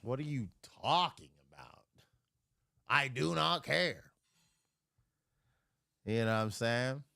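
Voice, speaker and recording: A man with a gravelly, bright-edged voice rants casually on a live stream, swearing freely. His pitch swings widely as he slips into loud impressions of people he quarrels with. The sound is dry and close. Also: slow pace, long pauses, no echo. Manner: profane and animated, shifts into loud impressions. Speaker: livestream host.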